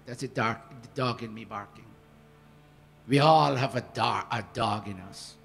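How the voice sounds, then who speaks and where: A man teaching a scripture workshop, talking in an earnest, animated devotional manner. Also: medium pitch, a little slow, gravelly, faint music behind. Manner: animated, earnest, with swells of emphasis.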